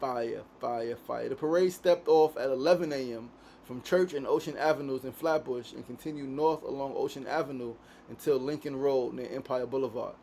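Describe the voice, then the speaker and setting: A mid-range, warm-toned male voice speaks briskly over a light hiss or hum. The Queens, New York host of a casual daily studio show, he keeps an easygoing manner, swears without restraint, and tags sentence after sentence with "right?"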